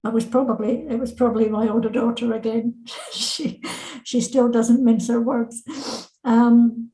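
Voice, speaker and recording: A woman's voice: on the high side, echoey room, rough recording. A woman in her seventies from Scotland, a podcast guest telling a personal story and acting out what her family said. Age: 70s. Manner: animated, acts out family members' lines in raised voices.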